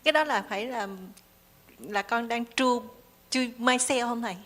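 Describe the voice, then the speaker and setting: A woman asking the teacher a question softly and hesitantly, laughing nervously between words. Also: fairly high pitch, normal speed. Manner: soft, hesitant, giggly. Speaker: audience member asking a question.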